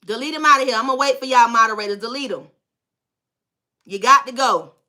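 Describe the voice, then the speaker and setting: A woman's voice: on the high side, brisk, pushed and bright. A woman tarot reader on a livestream, effusively thanking and blessing viewers and bluntly cursing out trolls.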